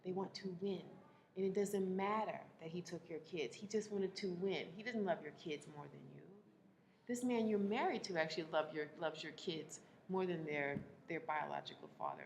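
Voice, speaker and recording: A woman relationship coach speaking to a live audience, animated, laughing often and acting out the people she quotes. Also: on the low side, slight background noise.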